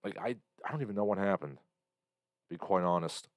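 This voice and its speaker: A man's voice: low-pitched, brisk, no echo, highs cut off. A man in his thirties hosting a casual livestream, talking bluntly in a rambling way with many fillers and reading out chat comments. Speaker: livestream host.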